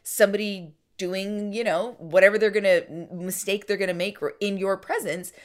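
A woman's voice: mid-range voice, moderate pace. A woman co-hosting a podcast, telling stories casually and animatedly, acting out what people said and saying "like" often. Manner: animated, acts out quoted speech, frequent "like". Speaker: podcast co-host. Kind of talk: casual conversational storytelling.

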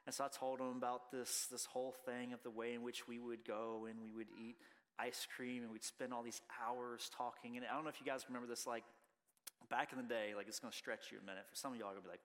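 A man's voice: medium pitch, little pitch movement, fast talker, a bit bright, big-room sound. A man in his thirties, a pastor giving a conversational sermon full of stories and filler words.

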